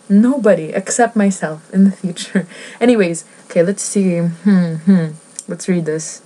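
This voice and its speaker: Giggly, rambling woman vlogger with a lowish voice. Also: measured pace, a little mellow, low-quality recording. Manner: rambling, giggly, self-interrupting. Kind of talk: casual chat while reading a book aloud.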